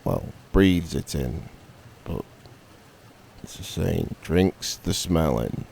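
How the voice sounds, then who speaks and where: A man with a Northern English accent telling a meditative bedtime story in a relaxed, rambling way, with jokey asides. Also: deep voice, slow, creaky, a little hiss or hum. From Northern England.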